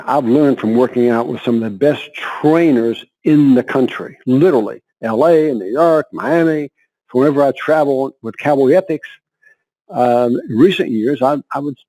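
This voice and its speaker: Older man telling lively stories. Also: mid-range voice, normal speed, low-quality recording. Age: 70s. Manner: lively anecdotes, frequent laughter and word repetition. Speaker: interview guest. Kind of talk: conversational storytelling.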